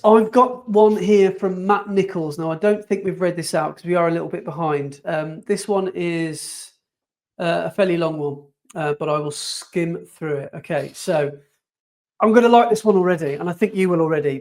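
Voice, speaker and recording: A man's voice: sits high, normal speed, a little mellow. A man co-hosting a running podcast, chatting casually and animatedly and laughing often. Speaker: podcast co-host. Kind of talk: casual chat.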